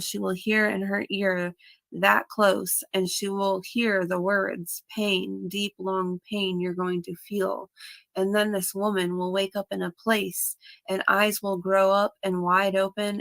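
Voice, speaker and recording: Lady reading chat messages out loud, raspy fry, pretty monotone. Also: medium pitch, no echo. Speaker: YouTuber reading out comments.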